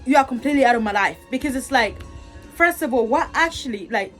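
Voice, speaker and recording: Animated young woman venting to her viewers. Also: sits high, fast, faint music behind. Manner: animated, repetitive, talks straight to viewers; loud angry outbursts mixed with laughter. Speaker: storytime vlogger. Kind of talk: casual storytime vent.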